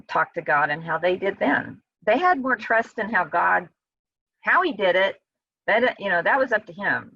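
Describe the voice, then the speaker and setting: A woman teaches a Bible study over a video call in a loose, conversational way, now and then voicing the psalmist's blunt cries. Her voice is bright and sits in a middle pitch. The sound is dry and a little dull, like call audio. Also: gravelly, husky, dry recording.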